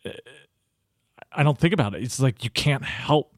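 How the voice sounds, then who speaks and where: Animated man telling a coaching story. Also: mid-range voice, normal speed, no room sound, clean studio sound. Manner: animated, swears freely, acts out quoted dialogue. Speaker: guest coach. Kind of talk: casual storytelling interview.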